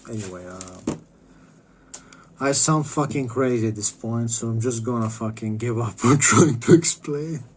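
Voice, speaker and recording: A man rambles through a casual vlog monologue, swearing freely and stumbling over restarts. His voice sits in an ordinary middle pitch. Faint noise hums behind him. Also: a little slow. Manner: rambling, profane, stammering restarts.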